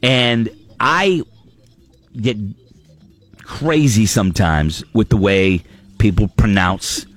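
A man's voice: on the low side, takes it slowly, long pauses. A man hosting a casual talk show, ranting in an exasperated way. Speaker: radio show host. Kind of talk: casual chat.

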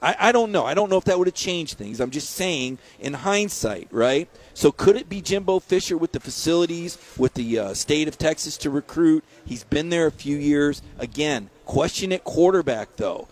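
A man as a guest on a sports radio show, talking in emphatic, rapid-fire rants with repeated words. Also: on the high side, animated. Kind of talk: phone-in sports radio interview.

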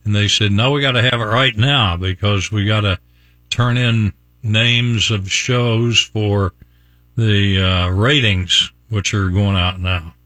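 Older virginia guy hosting morning radio, lowish voice, rambly storyteller, laughs a lot, dry booth sound. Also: steady tone, takes it slowly, pushed and bright, no room sound. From Virginia, USA. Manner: rambling, chuckles often. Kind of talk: chatty on-air storytelling. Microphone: studio mic.

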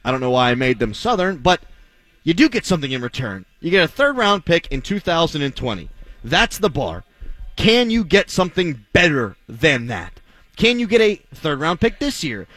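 Sports radio host, male, fairly high voice with animated swings, bone-dry studio sound, blunt and sarcastic. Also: dry recording. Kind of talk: opinionated sports talk radio monologue.

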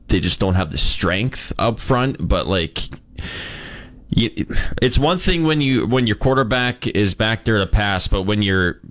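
A man co-hosting a sports talk radio show, talking things through hesitantly with many restarts. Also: fairly low pitch.

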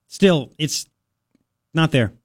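A man's voice: a little high, expressive, very slow, no echo, studio quality. A man hosting a radio talk show, chatting casually and laughing, mocking people in a playful voice. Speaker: radio host.

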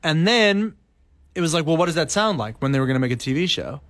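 A Canadian man co-hosting a casual podcast, jokey and animated, jumping into silly voices. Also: fairly high pitch, fast, no room sound. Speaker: podcast co-host.

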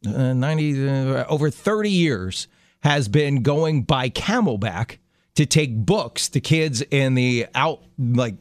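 A man's voice: medium pitch, animated, slow, dry recording. Chatty male co-host in a dry studio. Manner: chatty storyteller, light laughs, frequent restarts. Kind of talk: casual chat.

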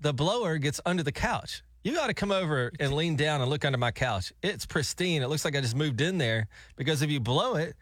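A man's voice: on the high side, animated, fairly quick, few pauses, a bit bright, no room sound, studio quality. A man hosting morning radio, talking in a playful, insistent way. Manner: playful, insistent, laughs easily. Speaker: radio host.

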